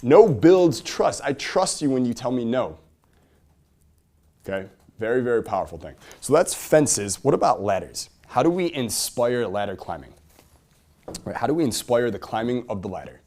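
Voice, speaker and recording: A man giving an energetic seminar talk to a live audience, firing rhetorical questions and swinging between loud emphasis and quiet asides. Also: medium pitch, normal speed.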